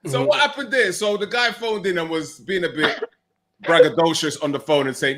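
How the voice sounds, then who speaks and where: A man's voice: high-pitched, moderate pace, fairly bright tone. A man hosting a casual podcast, interjecting and asking follow-up questions. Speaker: podcast host.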